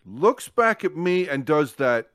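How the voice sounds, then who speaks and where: A man with a fairly high voice tells a rambling story on a podcast. He swears often and acts out every line of dialogue. The sound is dry and close to the mic. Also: slow, dry recording. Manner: animated storyteller, swears freely, acts out quotes. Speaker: podcast co-host. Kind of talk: casual storytelling chat.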